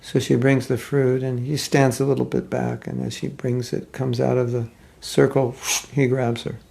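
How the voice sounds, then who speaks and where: Gravelly guy telling an old epic in a sermon, chatty, stops and restarts a lot. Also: medium pitch, level tone, dark tone. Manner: conversational, halting retelling with asides. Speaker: spiritual teacher. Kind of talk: storytelling sermon.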